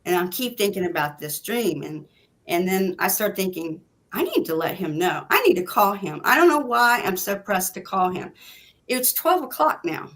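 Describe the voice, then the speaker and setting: A woman's voice: medium pitch, moderate pace. A woman guest telling a personal story in casual chat, acting out what people said. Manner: animated, acts out quoted lines.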